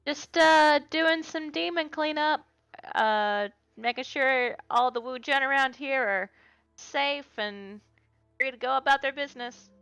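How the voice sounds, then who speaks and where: A woman's voice: high-pitched, measured pace, a bit bright, no room sound, lo-fi sound, pitched above the performer's own voice. Asher, a cheeky adventurer, voiced by a woman. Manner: airy, joking, polite evasions.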